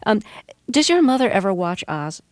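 A woman hosting a radio interview, asking polite questions in a measured way. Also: mid-range voice, very animated, no room sound, studio quality. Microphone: studio microphone.

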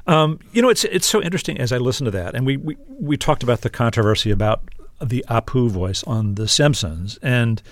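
A male host conducting a broadcast interview, asking curious, measured questions. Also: medium pitch, animated.

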